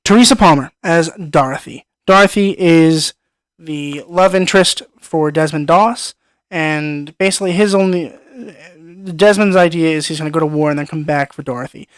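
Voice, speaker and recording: A young man reviewing a movie with rambling enthusiasm, piling up repeated words as he talks. His voice sits a little high for a man. The sound is dry and close, with no room echo at all. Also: normal speed, clear, resonant tone. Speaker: film review vlogger. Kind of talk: casual film review monologue.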